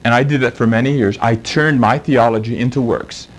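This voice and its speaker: A man's voice: medium pitch, fairly quick, low-quality recording. A man preaching a sermon, emphatic and fond of rhetorical questions.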